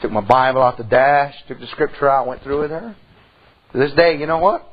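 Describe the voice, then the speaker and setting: A middle-aged man preaching a sermon in church, telling a folksy story and swinging from soft to loud. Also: mid-range voice, a little fast, breathy edge, highs cut off. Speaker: pastor.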